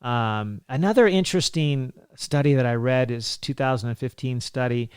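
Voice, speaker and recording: A man's voice: mid-range voice, normal speed, darkish tone, clean tone, no room sound, studio quality. A man in his forties hosting a health podcast, talking casually with lots of fillers and laughs. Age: 40s. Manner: chatty, laughs often, many fillers. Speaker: physician podcast host.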